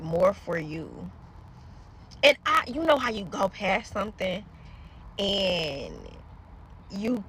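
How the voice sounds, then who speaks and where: A woman's voice: medium pitch, a bit bright, slight background noise. Earnest rambling woman telling a story. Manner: earnest and rambling, often trailing off and addressing viewers as "y'all". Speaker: storyteller sharing a personal faith story. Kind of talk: casual spoken testimony to followers.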